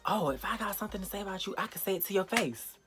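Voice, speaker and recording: A sassy, defiant middle-school girl, put on by a man telling a story. She sounds quiet and sullen, with a bright, lively lilt. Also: high voice, very fast, voice pushed up.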